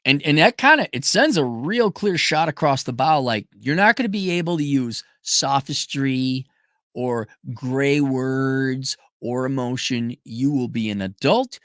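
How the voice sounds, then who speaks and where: A man hosting a casual livestream, talking bluntly and emphatically, jumping between loud declarations and low muttered asides as he reads viewer messages. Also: lively intonation, moderate pace, no echo, clean studio sound. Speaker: livestream host reading super chats.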